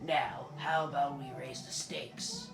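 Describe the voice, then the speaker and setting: A man voicing a scheming male devil who runs a casino, with a slow, drawn-out taunting delivery. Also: medium pitch, huge pitch swings, far from the mic, exaggerated voice. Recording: roomy room, game music behind.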